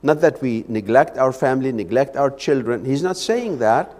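Speaking at a moderate pace in a medium, slightly mellow voice, a lay preacher animatedly delivers a fervent Sunday evening sermon and keeps repeating himself. The sound carries the echo of the church hall.

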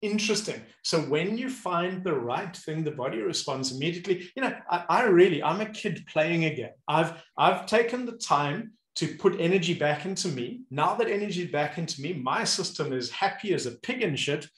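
A man hosting a casual conversation as a movement coach, telling animated stories and acting out the people he describes. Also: on the high side, moderate pace, few pauses. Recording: roomy echo.

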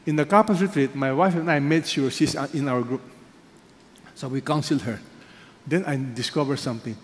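A man with a Filipino accent preaching a sermon as pastor, firing rhetorical questions and swinging between loud emphasis and hushed asides. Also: medium pitch, brisk. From Philippines. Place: large church hall. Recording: echoey hall, faint background noise.

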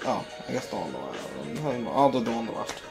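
A man's voice: medium pitch, very animated, quick pace, music in the background. A man co-hosting a casual let's play, chatting playfully and pointing out side quests. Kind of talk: casual gameplay commentary.

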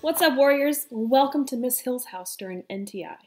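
A woman's voice: high voice, lively intonation, normal speed, a little mellow, soft background music. A woman media teacher presenting awards in an upbeat, casual way with frequent fillers.

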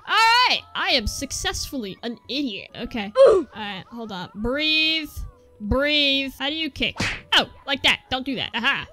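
A young adult woman giving let's play commentary, excitable, with panicky outbursts and self-mocking banter. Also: high voice, a little slow. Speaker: gaming YouTuber.

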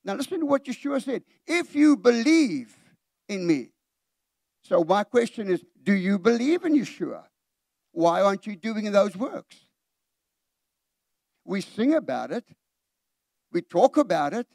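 A middle-aged man preaches a lively sermon and acts out the people he quotes. His voice sits high and has a rough, gravelly edge. The sound is close and dry. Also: a little slow, long pauses, no echo. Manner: animated preaching, acts out quoted voices, direct questions to the congregation. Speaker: pastor. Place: church.

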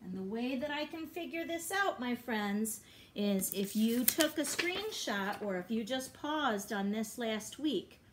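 A woman's voice: fairly high pitch, expressive, a little slow, slight background noise. A woman teaching a music lesson to young children online, encouraging and patient, often chanting and singing syllables.

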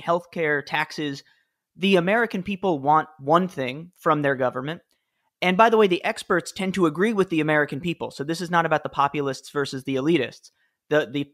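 A man's voice: on the high side, a bit bright. Chatty man telling stories in an interview. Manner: chatty, with fillers and laughs. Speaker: podcast guest, former speechwriter. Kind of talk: casual interview storytelling.

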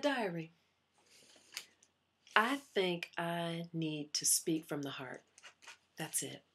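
A woman with a Southern accent performing a chatty, animated audition monologue to her diary. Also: fairly low pitch, gravelly, breathy edge. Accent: put-on Southern US. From US Midwest. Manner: chatty, animated, self-promoting. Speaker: actress auditioning.

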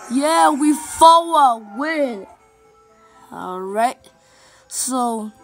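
High, gravelly excitable gaming voice. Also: female voice. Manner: excitable, chanting and repeating phrases. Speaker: gameplay commentator. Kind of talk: let's play commentary.

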